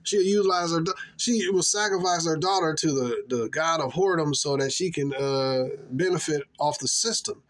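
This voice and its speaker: A man's voice: on the high side, moderate pace, hardly any pauses, fairly bright tone. A man giving his opinions in a rambling, emphatic casual monologue, full of slang. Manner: rambling, emphatic, slangy, mocking put-on voices.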